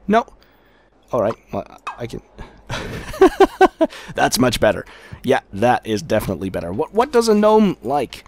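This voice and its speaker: A man's voice: mid-range voice, wildly swooping pitch, measured pace, long pauses, a little mellow, a little hiss or hum. A man giving casual gameplay commentary as a let's-play host, rambling and joking with lots of filler hesitations.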